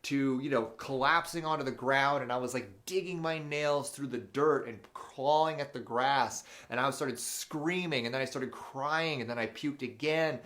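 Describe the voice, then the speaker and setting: Animated man telling a live story. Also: medium pitch, moderate pace, few pauses. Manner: animated storytelling, many fillers and restarts; reads viewer questions aloud. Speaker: motivational show host. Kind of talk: unscripted live motivational talk.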